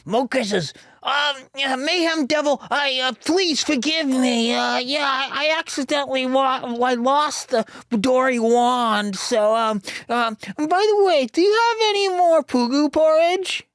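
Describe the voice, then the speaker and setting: A man voicing a meek, apologetic little demon in a comic bit, talking timidly in halting bits. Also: extremely high pitch, a bit bright, no room sound, voice pushed up, full character voice. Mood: sheepish. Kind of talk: comic improvised character voice.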